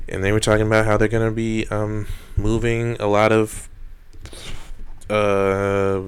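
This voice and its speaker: A man's voice: lowish voice, completely flat delivery, unhurried, a little hiss or hum. A young man co-hosting a podcast, chatting casually with lots of swearing and rambling jokes. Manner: rambling, profane, jokey. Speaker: podcast co-host. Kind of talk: casual chat.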